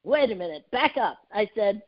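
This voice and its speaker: A woman in her fifties, a sales and speaking trainer, telling stories with lively energy and frequent laughter in an interview. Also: mid-range voice, normal speed. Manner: lively, laughs often, acts out dialogue. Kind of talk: animated storytelling in an interview. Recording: dull lo-fi audio.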